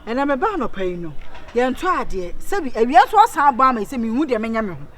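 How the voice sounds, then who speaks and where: Ghanaian lady, fast and excitable, voice jumps all over, noisy background. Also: a little high. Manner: excited, exclamatory, quick back-and-forth. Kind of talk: comic skit, mixing Twi and pidgin.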